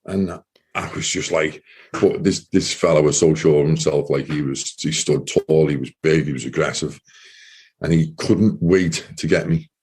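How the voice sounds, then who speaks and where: A low, mellow, husky-voiced man in his thirties tells his story in a relaxed interview. He speaks haltingly, restarting his sentences and acting out past conversations as quotes. His voice sits deep and dark. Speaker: interview guest, former soldier.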